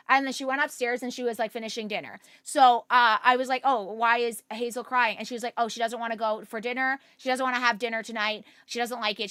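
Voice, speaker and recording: High, bright-voiced young woman streamer. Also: dry recording, clean studio sound. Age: young adult. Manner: chatty, talks to viewers by name, many fillers. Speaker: livestream host. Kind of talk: casual chat with live chat.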